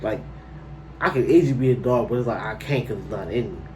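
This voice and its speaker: A man's voice: on the low side, fast, far from the mic, muffled recording, background noise. A man telling a personal story to camera in a casual, slangy way, breaking into incredulous outbursts.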